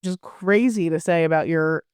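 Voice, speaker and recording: Woman, casual chat, playful, exasperated, smooth clear voice, dry close recording. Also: low-pitched, normal speed, a little mellow, dry recording. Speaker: co-host, player's wife.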